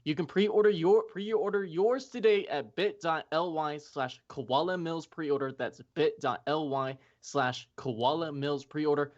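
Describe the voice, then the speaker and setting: Joking man on a dull remote line. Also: a little high. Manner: self-deprecating, stumbling, joking. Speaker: guest contributor. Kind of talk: casual podcast chat and promo read.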